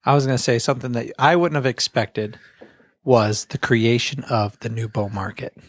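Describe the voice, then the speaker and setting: A man's voice: mid-range voice, normal speed, dry recording, studio quality. A man co-hosting a podcast in easygoing casual chat who laughs often. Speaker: podcast co-host.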